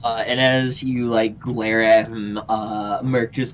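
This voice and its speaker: A man narrating a tabletop game as game master, unhurried and filling pauses with "uh". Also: on the low side, flat delivery, rough recording. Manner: unhurried, with many filler pauses. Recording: faint background noise.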